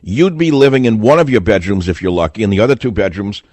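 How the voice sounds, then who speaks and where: Speaking fast in a lowish, darkish voice with no echo, this man hosts a talk radio monologue close to a studio mic. He's combative and sarcastic, hitting his words with heavy emphasis.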